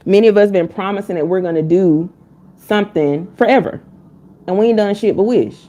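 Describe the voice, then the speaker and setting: A woman's voice: medium pitch, brisk, mellow. A woman reading tarot on a live stream, talking casually and bluntly. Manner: candid and blunt, chatting with chat between readings.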